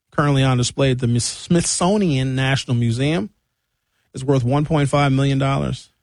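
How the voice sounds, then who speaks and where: A man giving an animated, indignant casual monologue, reading figures from his notes with jokey asides. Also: mid-range voice, no room sound. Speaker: commentator.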